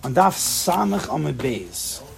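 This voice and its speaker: A man's voice: on the high side, sing-song, unhurried, vocal fry, a crowd in the background. A man leading a casual Talmud study class, thinking aloud and checking in with his students. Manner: thinks aloud, asks the class questions, laughs at himself.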